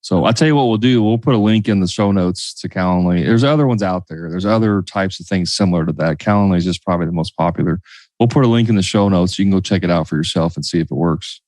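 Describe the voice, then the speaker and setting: A man's voice: sits low, darkish tone, dry recording. A man hosting a business podcast, chatting casually, telling anecdotes and joking dryly. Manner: dry, joking, tells stories. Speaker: podcast host.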